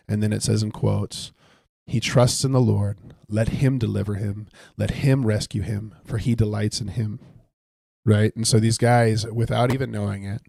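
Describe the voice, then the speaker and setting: Low, gravelly-voiced man leading Bible study. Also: steady tone, moderate pace, dark tone, dry recording. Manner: thoughtful, conversational, reads scripture aloud. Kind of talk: casual Bible study while gaming.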